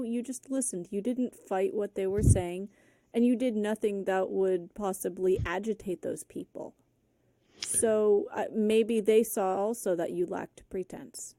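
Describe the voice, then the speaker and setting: Slow, measured woman hosting. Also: mid-range voice, mellow, no echo, studio quality. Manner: thoughtful, measured. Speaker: podcast host. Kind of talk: conversational interview.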